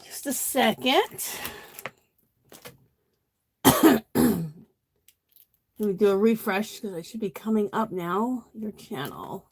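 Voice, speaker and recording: A woman's voice: mid-range voice, lively intonation, slow pace, vocal fry, long pauses, slightly rough. A middle-aged woman chatting casually on a home craft livestream, greeting viewers by name and a bit out of breath. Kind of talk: casual live-stream chat while crafting.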